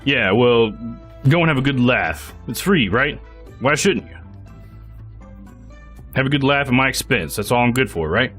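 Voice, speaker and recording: A man's voice: medium pitch, expressive, moderate pace, long pauses, a bit bright, faint music behind, natural voice. A man voicing an older widowed rural farmer who is defensive, rambling and self-pitying. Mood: bitter.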